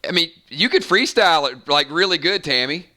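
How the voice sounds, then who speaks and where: A man's voice: fairly high pitch, animated, a little fast, pushed and bright. A man running a live-streamed role-playing game, chatting casually and tallying numbers aloud. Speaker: game master.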